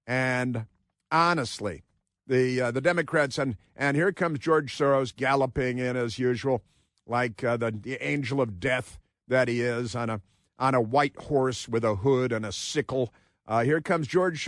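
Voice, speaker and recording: A man's voice: medium pitch, moderate pace, no echo, studio quality. A man hosting a talk radio show, monologuing in a mocking, sarcastic way and breaking into put-on voices to mimic others. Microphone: studio mic.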